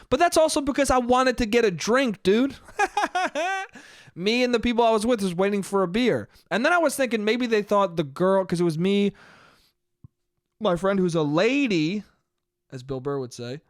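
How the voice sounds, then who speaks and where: A man hosts his own podcast alone and tells a story in a loose, profane, self-mocking way, saying "dude" again and again. His voice sits high for a man. The sound is dry and close, with no room echo. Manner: profane, self-deprecating, says "dude" a lot. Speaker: podcast host. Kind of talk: casual solo storytelling monologue.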